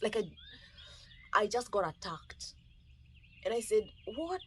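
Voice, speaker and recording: A woman with a Kenyan accent, telling an animated, emotional personal testimony and acting out the dialogue. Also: mid-range voice, slow pace, slight background noise. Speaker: storyteller.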